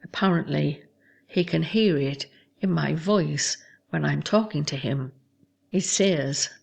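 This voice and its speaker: A woman hosting a show, reading aloud from her memoir in a measured, somber way. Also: low voice, creaky, a little mellow, husky. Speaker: host.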